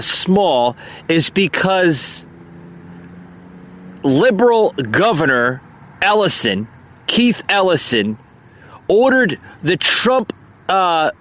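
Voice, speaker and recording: Casting: male podcast host, slow, irritated, halting with frequent fillers. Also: on the high side, fairly bright tone. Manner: aggravated, many uh fillers, stumbling. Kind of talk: political commentary.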